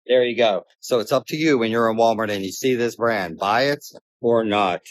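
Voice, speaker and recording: A man's voice: on the low side, normal speed, dry recording. A man testing product weights in a video, matter-of-fact as he counts out readings.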